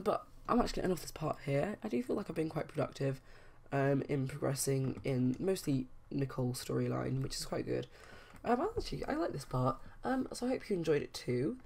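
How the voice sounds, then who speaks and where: A woman's voice: deep voice, gravelly, mellow, breathy edge. A young woman hosting a let's play, narrating a life-sim game in a chatty, rambling way. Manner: chatty, rambling, with many fillers. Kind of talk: casual game commentary.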